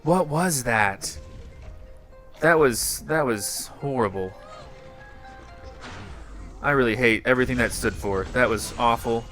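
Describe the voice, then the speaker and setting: A man, a YouTuber, giving excited commentary as he plays a game and often yells at it. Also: medium pitch, slow, long pauses, faint music behind. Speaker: YouTuber reacting to videos.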